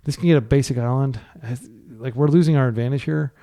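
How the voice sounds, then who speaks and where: A man's voice: medium pitch, fast, dark tone. A man from the United States giving live, chatty commentary on his card game, thinking aloud and correcting himself as he plays. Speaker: gameplay commentator.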